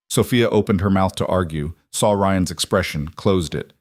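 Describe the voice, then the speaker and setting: A male narrator reads a scripted story in an even, measured way, with a fairly low voice. The sound is dry and close, with no room around it. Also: no room sound.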